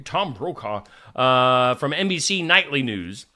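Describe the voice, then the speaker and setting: A man's voice: mid-range voice, very animated, a little slow, sharp tone. A man from Iowa, hosting a casual live stream and chatting in a jokey way as he greets viewers.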